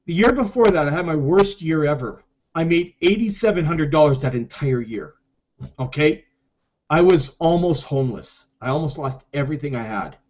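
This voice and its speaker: A middle-aged man in a personal vlog, talking emotionally and haltingly about his own comeback, often repeating himself. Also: a little high. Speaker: network marketer sharing his story. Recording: dull lo-fi recording.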